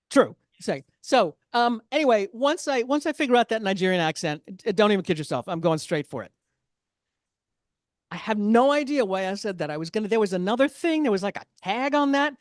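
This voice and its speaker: A woman's voice: a little high, very animated, normal speed, no echo. Chatty woman doing stand-up, dry sound. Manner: chatty, self-deprecating, asides to the audience. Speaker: stand-up comedian. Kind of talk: stand-up comedy set.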